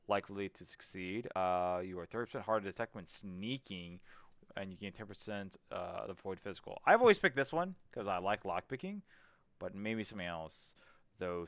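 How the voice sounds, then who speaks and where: A man's voice: deep voice, fairly bright tone, dry recording. A man streaming a game, thinking aloud, swearing casually and reading menu text as he goes. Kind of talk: casual let's-play commentary.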